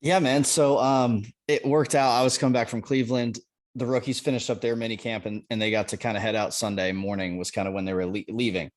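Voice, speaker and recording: A man appearing as a podcast guest, telling a story in a relaxed, easygoing way. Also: mid-range voice, fairly quick.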